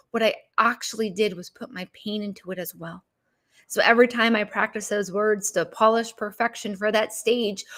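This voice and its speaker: A woman coaching host telling a personal story in an animated way, acting out her past dialogue. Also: medium pitch. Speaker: business coach and podcast host.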